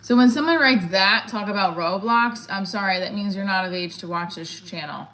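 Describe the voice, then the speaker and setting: A woman's voice: medium pitch, moderate pace, pushed and bright. Chatty middle-aged woman livestreaming. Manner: chatty, rambling, reads comments aloud. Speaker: comedian and livestream host. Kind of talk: casual livestream chat.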